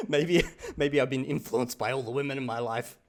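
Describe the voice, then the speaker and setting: A man's voice: medium pitch, unhurried. A man with an Australian accent reacting casually to a video, rambling with frequent restarts and swearing freely.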